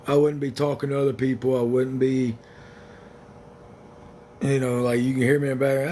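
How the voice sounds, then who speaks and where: A man's voice: mid-range voice, little pitch movement, normal speed, pauses often, darkish tone, slight background noise. A man hosting a casual livestream, talking to viewers in a blunt, rambling, joking way. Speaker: livestream host.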